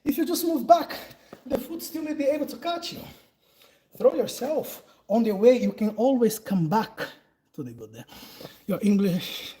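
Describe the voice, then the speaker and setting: A Brazilian man in his forties, speaking English as a second language with a Brazilian Portuguese accent, chats loosely about self-defense in a casual live Q&A and instruction session, laughing often. His voice is extremely high, animated, and mellow at a measured pace, on a low-quality recording.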